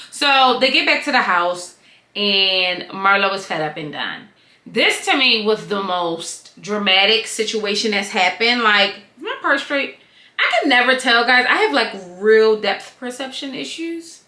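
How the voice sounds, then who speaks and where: A woman with a fairly high, bright, forceful voice chats through a slangy review. She drifts off into asides and comes back to them. Her voice rings around an echoey room. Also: normal speed. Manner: slangy, animated, wandering into tangents. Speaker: reality TV and wig reviewer. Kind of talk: casual chatty review.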